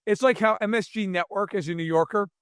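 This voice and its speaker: A man's voice: high-pitched, quick pace, fairly bright tone, clear, resonant tone, no echo, studio quality. A man co-hosting a podcast, ranting in mock outrage over sports in casual chat. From New York state. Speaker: podcast co-host.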